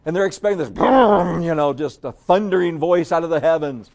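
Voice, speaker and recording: Male pastor, slightly high voice, conversational folksy sermon delivery. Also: fast talker, a little mellow. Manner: folksy, conversational preaching with rhetorical questions.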